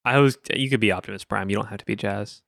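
A man's voice: lowish voice, fast talker, creaky, a bit bright, dry recording. A man co-hosting a podcast in casual chat, with a dry, sardonic manner. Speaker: podcast co-host. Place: room, recorded in person with co-hosts.

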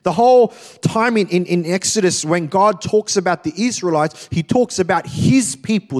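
Male preacher, somewhat high voice, reads scripture then retells it expressively. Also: animated, moderate pace, hardly any pauses. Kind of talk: sermon, Bible teaching.

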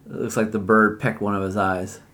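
A woman's voice: a bass voice, little pitch movement, brisk, a bit bright. A woman narrating as game master of a playful family tabletop game. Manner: playful, storyteller pacing.

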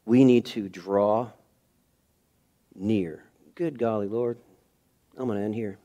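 A middle-aged male pastor delivering a sermon in a church, telling a personal story with lively, animated delivery and sudden swings between loud and soft. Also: lowish voice, slow pace. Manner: animated storytelling, acting out scenes with sudden shifts in loudness. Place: church sanctuary.

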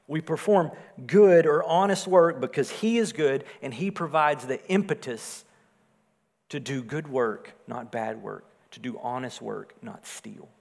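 A man preaching a sermon, swelling louder on his points and dropping soft and low on key phrases. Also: a little slow, gravelly. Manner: rises in volume for emphasis, drops low and soft on key phrases. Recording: long hall reverb.

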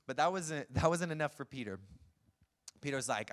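A man preaching a sermon, retelling scenes in a lively, chuckling way. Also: a little high, moderate pace. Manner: lively storytelling, acts out scenes, chuckles often.

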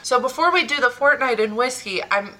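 Woman, host, bright voice, inquisitive, halting restarts. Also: fairly high pitch, expressive, poor audio. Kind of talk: casual chat.

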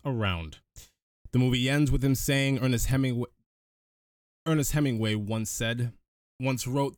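A man's voice: mid-range voice, darkish tone, dry recording. Dry-sounding man recapping a movie. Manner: retells the plot step by step, chatty. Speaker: podcast host. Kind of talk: casual movie recap chat.

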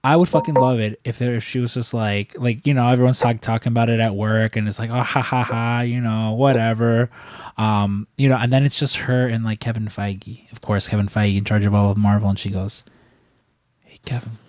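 A young man hosting a podcast, telling stories in a rambling, profane, animated way. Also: medium pitch, a little fast, no echo, clean studio sound. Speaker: podcast host. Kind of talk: casual chat.

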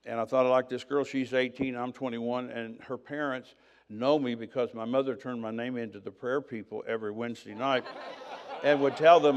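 A man's voice: mid-range voice, steady tone, normal speed. An older man preaching, telling his own story in a conversational way and acting out the dialogue. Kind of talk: sermon testimony.

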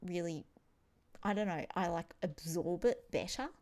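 A woman chatting casually about books, with playful, expressive outbursts. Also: lowish voice, measured pace. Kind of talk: casual chat.

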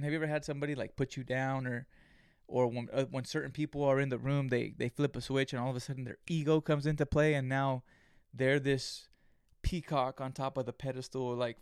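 A podcast host delivers a casual solo monologue, rambling and profane, full of fillers and restarts. His clear, smooth, mid-pitched voice sounds dry and close-miked, with no room sound at all.

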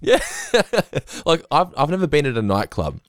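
Casting: man in his forties, lively up-and-down voice, cheeky laughing storyteller. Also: a little high, moderate pace, no echo, clean studio sound. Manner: laughing, swearing, animated storytelling. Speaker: podcast co-host. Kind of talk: casual chat.

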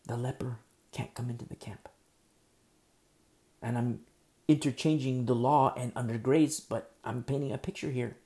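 A male pastor delivers a sermon, and his voice has a gravelly edge with a dark, mellow tone. He drives his points home through runs of emphatic rhetorical questions. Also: mid-range voice, steady tone, normal speed.

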